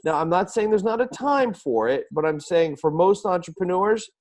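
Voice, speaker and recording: A man hosting a live coaching show, talking excitedly and firing off repeated rhetorical questions over a video call. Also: high-pitched, moderate pace. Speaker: host and speaking coach. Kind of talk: energetic live-stream coaching talk.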